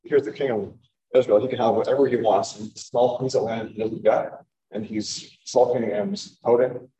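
A man's voice: mid-range voice, fairly even intonation, normal speed, dark tone, low-quality recording. A man giving a sermon on scripture in a conversational way, often repeating words as he finds them. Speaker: preacher. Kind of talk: sermon, Bible teaching.

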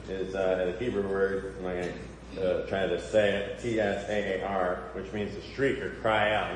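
A man preaches in a casual, questioning way to his congregation. His voice sits a little low and carries a long, roomy reverb. A faint hum of the hall hangs behind him. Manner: conversational, asks the congregation questions. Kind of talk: sermon. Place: church hall. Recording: echoey hall, faint ambience.

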